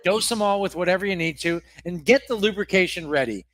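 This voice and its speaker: Podcast guy reading fake ads, high bright voice, dry close sound. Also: fast talker, dry recording. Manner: reads mock ad spots with crude deadpan jokes. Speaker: podcast co-host. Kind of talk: live comedy podcast banter.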